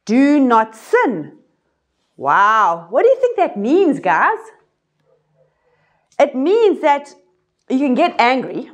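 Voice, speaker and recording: Lively, high-voiced woman teaching kids. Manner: expressive, acts out voices and sound effects. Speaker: children's ministry teacher. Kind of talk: animated Bible lesson for kids.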